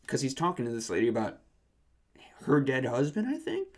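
A man's voice: medium pitch, huge pitch swings, brisk, a little mellow. A young man spinning loose, rambling anecdotes on a casual podcast, hunting for details as he goes. He keeps an easygoing pace and an ordinary mid-range male voice. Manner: laid-back, rambling storyteller. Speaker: podcast co-host.

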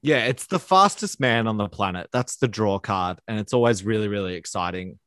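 A man co-hosting a casual history podcast, talking in a relaxed, hesitant way with ums and likes. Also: fairly low pitch, normal speed, no echo, studio quality. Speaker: podcast co-host.

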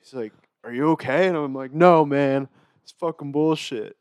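A young man co-hosting a podcast, telling stories to friends in a lively way with plenty of swearing. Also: on the high side, normal speed, smooth, no echo. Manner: animated storytelling, swearing. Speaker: podcast co-host. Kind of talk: casual chat among friends.

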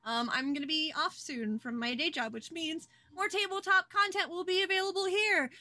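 A woman's voice: very high-pitched, steady tone, moderate pace, pushed and bright, no room sound. A young woman hosting a tabletop stream as game master, rambling through announcements and laughing often. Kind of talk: casual stream intro.

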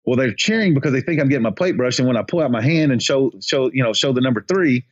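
A man's voice: mid-range voice, expressive, quick pace. Man telling a rambling umpire story, lo-fi. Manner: rambling, restarts, acts out crowd chants and quotes. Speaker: baseball umpire. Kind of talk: casual podcast storytelling.

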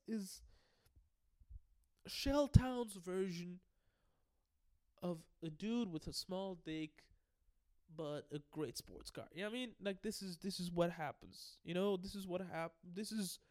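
Excitable high-voiced man recapping anime. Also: no room sound, studio quality. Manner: excitable, profane, laughs often; rambling with many restarts and fillers. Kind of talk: casual anime episode recap.

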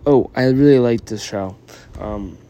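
A young man with a cold rambles through his podcast, yawning between thoughts. His voice sits low and mellow, with a steady, middle pitch. He hedges, apologizes and fills pauses with ums as he goes. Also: dull audio. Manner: meandering, apologetic, lots of ums. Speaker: vlogger and podcaster. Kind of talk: casual rambling chat.

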